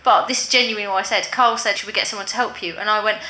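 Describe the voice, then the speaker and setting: A woman's voice: medium pitch, very fast, reverberant, low-quality recording. A woman hosting a live comedy panel show, telling stories with lots of laughter. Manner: animated storytelling, laughing at herself. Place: live theatre stage.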